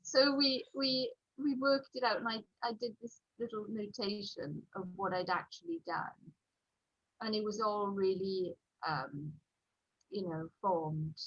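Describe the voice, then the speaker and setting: A woman with a Welsh lilt tells stories animatedly, with plenty of ums and you-knows. Her voice is mid-pitched, and the remote recording sounds dry and slightly muffled. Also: a little slow, no room sound. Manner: animated, chatty storytelling with many fillers. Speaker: children's author guest. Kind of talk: casual podcast chat.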